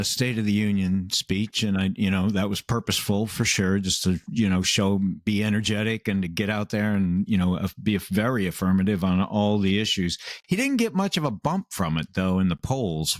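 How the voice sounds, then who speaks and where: Low-voiced male interview host. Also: dry recording, studio quality. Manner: relaxed, conversational questioning. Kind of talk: casual interview talk.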